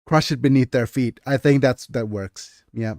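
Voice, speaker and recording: Male streamer, casual and self-correcting, mid-pitched, dry sound. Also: normal speed, darkish tone, dry recording. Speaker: streamer and author. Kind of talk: casual livestream chat.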